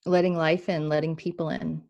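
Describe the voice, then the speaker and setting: Lively woman giving a spiritual reading. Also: low-pitched, moderate pace, highs cut off. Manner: animated, acts out inner voices, laughs often. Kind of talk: spiritual reading on a talk show.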